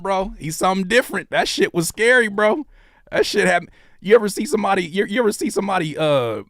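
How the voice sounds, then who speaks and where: A man giving casual, joking reaction commentary as a YouTube host, animated and often dropping into quiet asides. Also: sits high, vocal fry, dry recording, studio quality.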